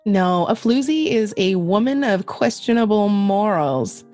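A woman's voice: mid-range voice, animated, unhurried, warm tone, faint music behind. Playful woman hosting a podcast. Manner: laughs often, swears freely, playful. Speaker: podcast host. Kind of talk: casual chat.

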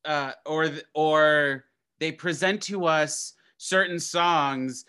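A young man, a podcast guest, chatting casually in an animated, rambling way with many restarts. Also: on the high side, takes it slowly, clean tone. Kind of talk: casual chat.

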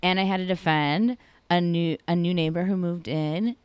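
A woman's voice: lowish voice, moderate pace, clear, resonant tone, no echo. A woman chatting casually, telling a story full of "like" and acting out what people said. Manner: chatty, lots of "like", acts out quotes in animated voices.

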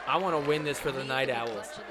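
A man's voice: medium pitch, brisk, a crowd in the background, noisy background, natural voice. A man voicing a cocky young male athlete who brags defiantly. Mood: boastful. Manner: boastful, defiant.

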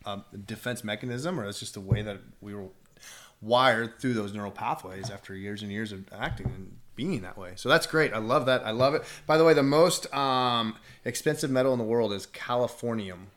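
A man's voice: on the low side, normal speed, fairly bright tone. A man co-hosting a podcast, chatting casually and backing up his partner with frequent affirmations. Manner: supportive, frequent affirmations and interjections. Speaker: podcast co-host.

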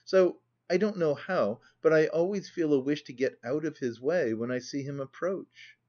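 A man reading an audiobook, voicing a timid, gentle young woman with a raised, pleading voice. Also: fairly high pitch, normal speed, muffled recording, natural voice. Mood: earnest.

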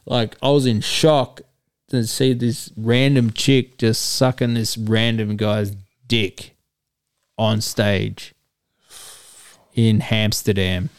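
A man tells a long, crude story in casual chat. His voice sounds smooth and resonant, and the room is dry and close. He jumps into other people's voices as he goes. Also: lowish voice, slow pace, no echo. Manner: rambling crude anecdote, animated quoting. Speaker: storyteller guest.

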